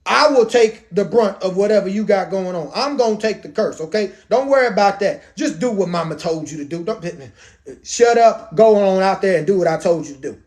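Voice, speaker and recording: A man's voice: high-pitched, lively intonation, a little fast, a little mellow. A man doing a bossy, coaxing mother. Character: scheming protective mother, middle-aged woman.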